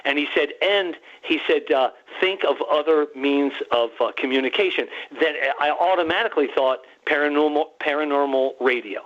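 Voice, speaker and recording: Excited rambling man on a phone line. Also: fairly high pitch, moderate pace, few pauses. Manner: rambling, animated, restarts and quotes himself and others. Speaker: guest researcher. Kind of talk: excited storytelling on a radio talk show. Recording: muffled phone-line call-in.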